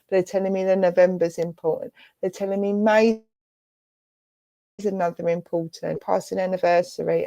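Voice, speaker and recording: An English woman giving a gentle, reassuring clairvoyant reading as a spiritualist medium during an online church service. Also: lowish voice, no room sound. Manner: soft, reassuring, affectionate, addresses listener as darling and lovely.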